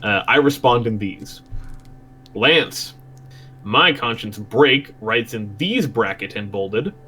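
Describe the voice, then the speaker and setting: Man, casual reader, crude, chatty, middle pitch, lively inflection. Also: slow pace, breathy edge, faint music behind. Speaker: podcast co-host and reader. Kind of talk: casual reading aloud.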